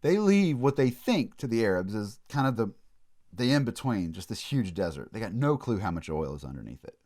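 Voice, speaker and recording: A man's voice: on the low side, big pitch swings, a little fast, a little mellow. A man giving a recorded college history lecture, telling it as a story with casual asides and frequent restarts.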